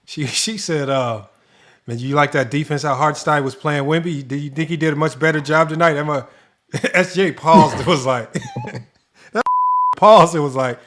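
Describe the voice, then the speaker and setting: A man's voice: on the high side, big pitch swings, normal speed, a bit bright. A man who coaches basketball, co-hosting a casual sports talk show, telling stories animatedly with lots of laughter and swearing. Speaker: basketball coach and podcast co-host.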